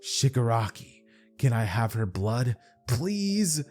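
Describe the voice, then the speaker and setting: A man's voice: medium pitch, big pitch swings, takes it slowly, darkish tone, soft background music. A man voicing a giddy, blood-crazed young female villain who pleads in a raised, sing-song way.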